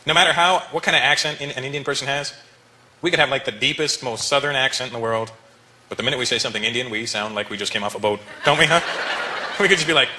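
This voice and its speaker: A man's voice: medium pitch, very fast, a little hiss or hum. A male stand-up comedian speaking to a live audience in a teasing, conversational way. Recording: live show with loud crowd laughter.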